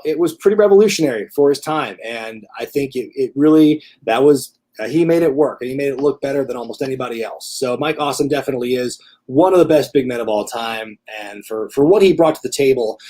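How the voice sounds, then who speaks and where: A man's voice: medium pitch, a little fast, hardly any pauses, a little mellow. A young man hosting a live stream, chatting casually, rambling and correcting himself, and chuckling often as he reads viewer donations. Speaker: host of a live wrestling review stream.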